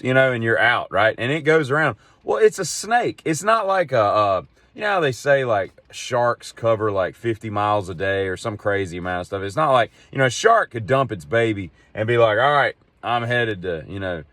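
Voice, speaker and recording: A middle-aged man rambles through a casual podcast monologue in a very low voice. He digresses freely and sounds wry and exasperated. The sound is close and dry. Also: fairly bright tone, dry recording. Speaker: podcast host.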